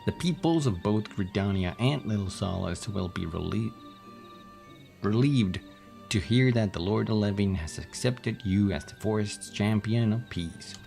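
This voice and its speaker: A man voicing a gruff soldier with a put-on Texas drawl, reading game dialogue. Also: on the low side, a little slow, a little mellow, faint music behind. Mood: formal. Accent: put-on Southern US drawl.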